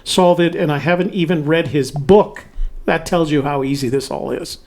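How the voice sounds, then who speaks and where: A man's voice: fairly high pitch, moderate pace, darkish tone. A man hosting a casual livestream, reading listener messages aloud and adding dry jokes. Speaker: host.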